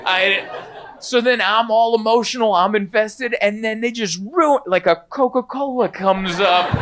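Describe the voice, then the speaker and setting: A man performing a stand-up comedy set, animated and swinging into high, exaggerated bits. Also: unhurried.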